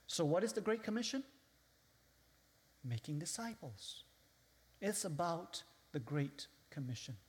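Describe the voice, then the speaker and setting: A man's voice: a little high, very animated, measured pace, pauses often. A man with a foreign accent preaching as a guest speaker, who acts out his listeners' voices and quotes scripture. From outside the US. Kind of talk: sermon. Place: large hall with a live audience. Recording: long hall reverb.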